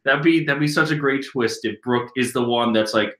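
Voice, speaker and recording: A manga reading channel host with a mid-range, sharp-toned voice reads a comic aloud at a moderate pace, chatting and giggling casually. He's recording in a room at home, and the sound has a roomy echo.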